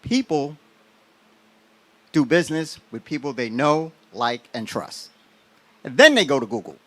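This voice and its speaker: A man's voice: mid-range voice, big pitch swings, a little slow, bright, forceful tone, no room sound. A man giving a motivational business talk on stage, asking the audience questions. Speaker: business speaker.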